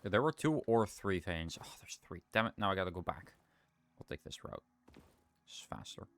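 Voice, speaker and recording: A man's voice: low voice, expressive, normal speed. A young man streaming a game, thinking aloud in rambling casual commentary and often correcting himself. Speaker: livestreamer.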